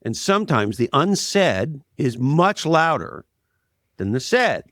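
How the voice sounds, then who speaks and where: A man's voice: on the high side, very animated, takes it slowly, fairly bright tone, dry recording, clean studio sound. A man speaking as an interview guest in a blunt, emphatic way, driving his points home with anecdotes. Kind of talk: conversational interview, storytelling.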